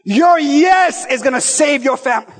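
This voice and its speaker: A man preaching a sermon, shouting out passages and calling to the congregation, then dropping to quieter asides. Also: very high-pitched, lively intonation, moderate pace. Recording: long hall reverb.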